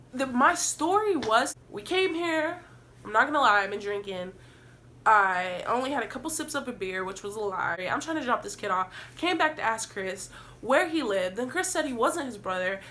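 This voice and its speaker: A young woman vlogger telling a wild story in a casual storytime vlog, animated and profane, acting out what people said. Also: on the high side.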